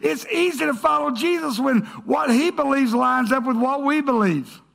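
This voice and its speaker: A male pastor preaching a sermon to his congregation. He is emphatic, rises to shouts, then drops to a hush. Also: very high voice, normal speed, vocal fry. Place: church stage before a congregation.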